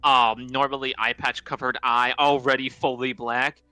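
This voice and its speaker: A man playing his character in a tabletop game, animated and given to sudden loud outbursts. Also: medium pitch, normal speed, dry recording. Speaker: player.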